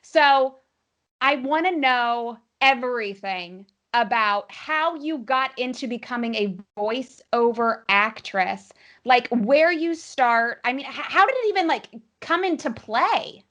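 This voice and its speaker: A woman's voice: on the high side, expressive, slow pace, a bit bright. A woman podcast host, a former TV reporter, chatting enthusiastically with her guest. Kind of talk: conversational interview.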